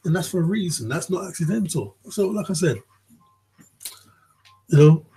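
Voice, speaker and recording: Very husky man in a rambling monologue. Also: a little high, animated, normal speed, dark tone, soft background music, poor audio. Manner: rambling, swears, keeps checking in with "yeah?". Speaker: vlogger. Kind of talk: casual commentary monologue.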